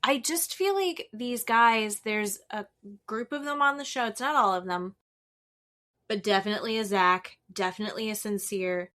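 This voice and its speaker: A woman's voice: mid-range voice, normal speed, sharp tone. A woman co-hosting a podcast, chatting casually about reality TV and saying "like" often. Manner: chatty, lots of "like", acts out quotes. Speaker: podcast co-host. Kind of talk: casual reality-TV recap chat.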